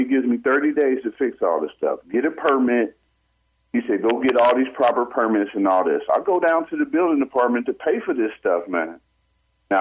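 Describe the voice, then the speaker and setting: A man tells his own story to a talk show host with urgency, acting out what other people said to him. His voice sits at an ordinary pitch. The recording is slightly muffled, with faint noise behind it. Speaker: guest, homeowner and barber.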